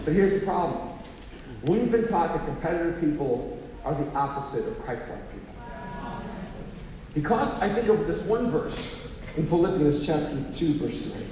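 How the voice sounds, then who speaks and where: Man, pastor, sermon, high voice, storytelling building to exhortation, echoey hall. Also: slight background noise. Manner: animated storytelling, rising to emphatic exhortation. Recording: echoey hall, mic at a distance, faint ambience.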